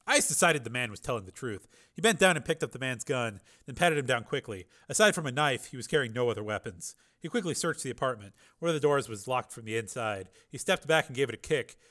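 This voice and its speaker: A man reading a crime novel aloud, lively, with small slips and corrections. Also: medium pitch, fast talker, few pauses. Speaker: reader.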